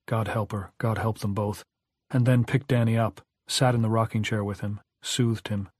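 A man reading a novel aloud as an audiobook narrator, in a measured, even storytelling manner. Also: lowish voice, slightly rough, dry recording, studio quality. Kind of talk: scripted narration.

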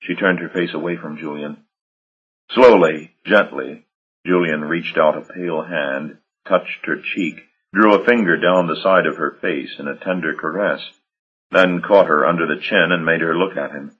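Man, audiobook narrator, deep voice, husky, measured dramatic storytelling, dull lo-fi sound. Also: a bit bright. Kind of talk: scripted narration.

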